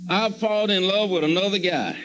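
A man with a high voice preaches a testimony sermon. He tells it as a story, acting out his own past words and prayers. His pleading prayers climb to fervent cries. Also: fairly quick, a bit bright, rough recording.

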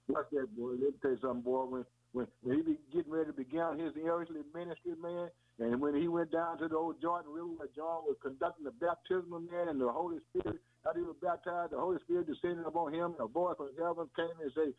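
A man's voice: fairly high pitch, quick pace, vocal fry, hardly any pauses. Folksy preacher man on tinny radio. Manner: folksy, peppers talk with "man" and "boy", repeats himself. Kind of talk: informal sermon. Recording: tinny phone-like radio audio.

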